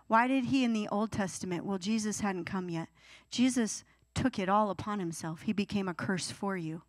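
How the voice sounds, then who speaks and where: Delivering a youth sermon, this youth pastor, a young adult woman, breaks into whiny teenage voices with lots of animation. She speaks at a moderate pace in a mid-range voice, and there's no room sound.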